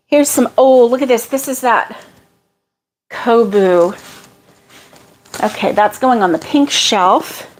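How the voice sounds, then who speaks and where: A middle-aged woman talks slowly and loosely while sorting yarn for her crochet channel. Her voice sits a little high for a woman. She pokes fun at herself and laughs easily. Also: darkish tone, poor audio. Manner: chatty, self-deprecating, laughs often. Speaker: crochet vlogger.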